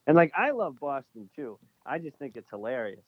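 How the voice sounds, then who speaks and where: A man's voice: mid-range voice, very animated, moderate pace, breathy edge, dry recording, muffled recording. A young man co-hosting a podcast in casual, teasing chat, often slipping into funny voices. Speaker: podcast co-host.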